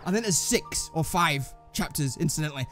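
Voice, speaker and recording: A man's voice: on the high side, animated, fairly quick, a bit bright, soft background music. A man, hosting a let's play with rambling, jokey, casual commentary. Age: 20s. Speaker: gaming channel host.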